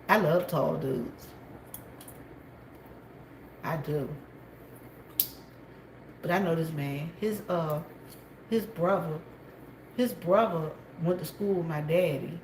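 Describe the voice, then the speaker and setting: A woman chatting casually to her viewers from a gas station store, gossipy and quick to laugh. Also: deep voice. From South Carolina, USA. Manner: chatty and gossipy, laughs often, calls out loudly to coworkers. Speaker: vlogger. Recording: echoey room, faint background noise.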